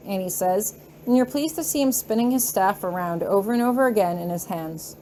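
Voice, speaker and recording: A woman reading fan fiction aloud in calm, measured narration. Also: medium pitch, a little hiss or hum. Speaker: audiobook reader.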